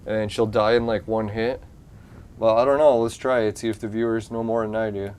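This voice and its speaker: Speaking fairly quickly in a lowish, level, darkish voice, this channel host narrates his gameplay casually to himself. He swears and gets annoyed as his team keeps losing, with the game's music clearly audible beneath him.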